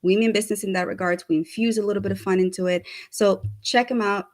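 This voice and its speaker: Energetic woman co-host giving shout-outs. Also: medium pitch, fast talker. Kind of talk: casual chat.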